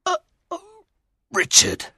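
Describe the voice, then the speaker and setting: A man's voice: on the low side, expressive, takes it slowly, bright, forceful tone, no room sound, clean studio sound, full character voice. A man voicing a defeated knight in a storybook reading, speaking sorrowfully with a rise and fall. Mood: dying. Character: defeated old knight, sad and beaten.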